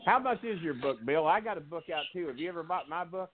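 Lively joking male radio host. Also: a little high, quick pace, crowd noise. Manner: joking, laughs often, lively. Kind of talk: casual radio talk. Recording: tinny phone line with faint noise.

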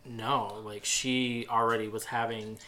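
A man's voice: fairly low pitch, level tone, unhurried, crowd noise. A man co-hosting a casual podcast discussion, rambling and trailing off mid-thought. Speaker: podcast co-host.

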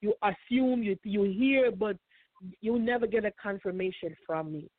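A guest author, a woman with a mid-range voice speaking at normal speed, tells her personal story in an interview, emotional and repetitive. She's on a phone call, so the sound is a tinny, dry phone line with no echo.

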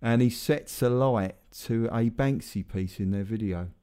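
A man's voice: mid-range voice, unhurried, mellow, clear, resonant tone. A man hosting a podcast, chatting casually in a rambling way with self-deprecating asides. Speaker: podcast host. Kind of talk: casual chat.

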